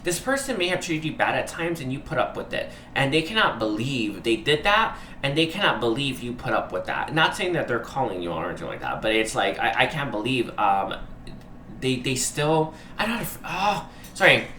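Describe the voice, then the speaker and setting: A man giving a tarot reading, hesitant and earnest, often pausing to search for words and apologizing. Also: medium pitch, sing-song, bright, forceful tone. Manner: earnest, emotionally moved. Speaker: tarot reader. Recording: roomy echo, faint background noise.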